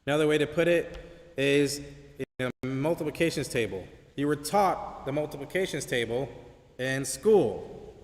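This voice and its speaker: Long hall reverb surrounds a man's mid-range voice as he speaks at normal speed. He's teaching an apologetics class at a church in a conversational way, repeatedly asking "right?".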